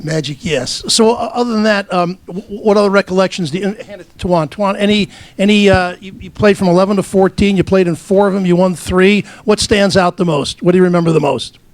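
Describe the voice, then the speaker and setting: A man emceeing a luncheon sports panel, asking questions in a halting way with frequent restarts. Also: sits high, dry recording. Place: luncheon event.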